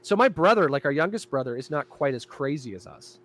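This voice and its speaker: Man, somewhat high voice, animated storyteller acting out lines; casual guest in conversation. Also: a little fast. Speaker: guest, creator and director of an audio show. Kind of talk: casual chat.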